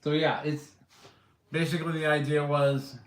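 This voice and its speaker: A man's voice: on the high side, level tone, moderate pace. Rambling man chatting in an echoey room. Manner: rambling, with many fillers and restarts. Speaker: livestream host and drone builder. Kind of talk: casual live-stream chat. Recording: roomy echo.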